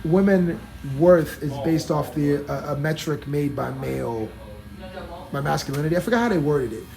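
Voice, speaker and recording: A man hosting casual, animated barbershop banter, laughing and mimicking the others as he talks. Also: fairly high pitch, moderate pace, gravelly, crowd noise. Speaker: podcast host.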